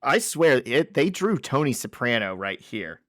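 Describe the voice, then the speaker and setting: A man co-hosting a podcast, chatting casually and dropping deadpan wisecracks. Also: mid-range voice, unhurried, dry recording, studio quality. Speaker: podcast co-host. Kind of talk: casual chat.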